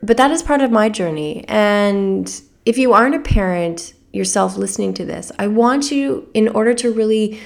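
A woman's voice: mid-range voice, lively intonation, moderate pace, vocal fry, hardly any pauses. A woman coach who is a parent, telling a personal story in a candid and emotional way, with restarts and small laughs. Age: adult parent. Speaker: life coach.

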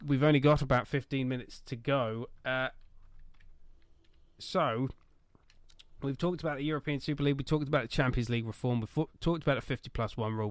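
A man co-hosting a casual football podcast, talking animatedly with loud bursts, swearing and laughing at his own jokes. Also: medium pitch, smooth, no room sound, studio quality. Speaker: podcast co-host.

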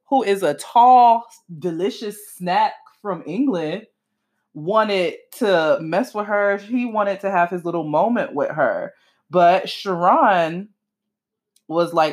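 A young woman giving a casual, opinionated monologue about a reality show, sassy and animated, her pitch swinging up and down for emphasis. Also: slow. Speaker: podcaster reviewing reality TV.

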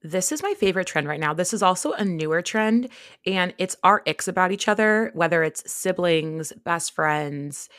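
A woman's voice: on the low side, expressive, a bit bright, no room sound, studio quality. A young American woman co-hosting a podcast, chatting casually and gushing with lots of "like" asides. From United States. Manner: gushing, filler-heavy, quick asides. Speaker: podcast co-host. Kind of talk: casual chat.

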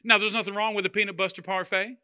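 Bright, high-voiced preaching man. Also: flat delivery, fast, smooth. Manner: conversational preaching with humor, repeats phrases. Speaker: pastor. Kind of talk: sermon.

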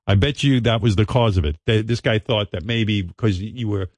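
A man's voice: on the low side, moderate pace, dry recording. A man hosting a radio show in casual banter, blunt and teasing, often laughing.

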